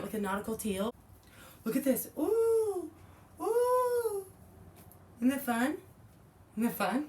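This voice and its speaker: A woman's voice: mid-range voice, recorded from a distance, a little hiss or hum. A woman in her forties chatting casually while unboxing, gushing and exclaiming often. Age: 40s. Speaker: vlogger.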